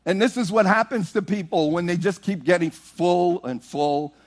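A man preaching a sermon, animated and rhythmic, moving from loud, half-sung exclamations to hushed storytelling. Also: sits high, normal speed.

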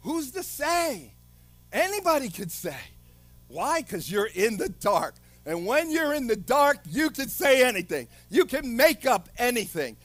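A man preaching a sermon in an impassioned, dramatic way, often building up to shouts. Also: extremely high pitch, sing-song, measured pace, dry recording.

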